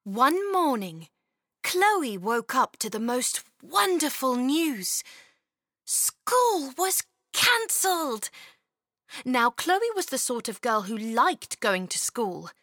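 Woman reading a fairy tale, slow, lively ups and downs, dry close sound. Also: on the high side, dry recording. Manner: expressive, lilting. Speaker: narrator. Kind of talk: storybook narration.

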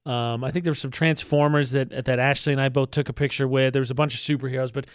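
A man's voice: mid-range voice, steady tone, fast talker, dry recording, clean studio sound. A man co-hosting a casual podcast chat, talking with enthusiasm and rambling through restarts. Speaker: co-host.

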